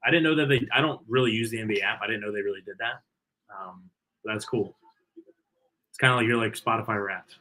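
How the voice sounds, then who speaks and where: A man's voice: on the low side, quick pace, pushed and bright, low-quality recording. A man co-hosting a live game watch party, chatting loosely and calling out score updates. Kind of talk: casual live game chat.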